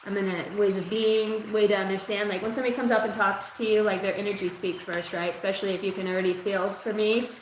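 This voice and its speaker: A woman's voice: medium pitch, fairly even intonation, quick pace, hardly any pauses. A woman giving a livestreamed psychic oracle reading, talking casually and profanely, rambling with lots of fillers. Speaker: psychic reader. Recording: echoey room with faint ambient noise.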